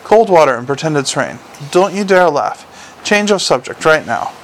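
A man's voice: on the high side, expressive, moderate pace, a little hiss or hum, rough recording. A man voicing a blunt, defensive young werewolf policewoman, clipped in manner.

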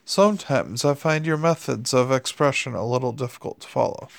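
A man's voice: mid-range voice, a little fast, gravelly, dry recording, close to an everyday voice. A man voicing a prim, fussy male angel with old-fashioned, prissy politeness in an audiobook reading. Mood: weary.

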